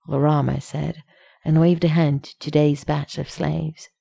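A woman narrating a fan fiction story in a steady, measured reading voice. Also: deep voice, creaky, slightly rough.

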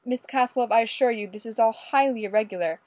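A woman voicing a brisk, formal female police inspector. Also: fairly high pitch, darkish tone, no room sound, lightly acted. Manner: crisp, formal.

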